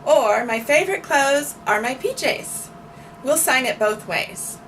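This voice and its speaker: A woman's voice: high voice, animated, unhurried, a bit bright, a little hiss or hum. A woman teaching sign language, explaining each sign patiently and repeating phrases as she demonstrates them. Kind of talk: slow instructional explanation. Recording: distant mic with banjo background music. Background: bluegrass banjo music.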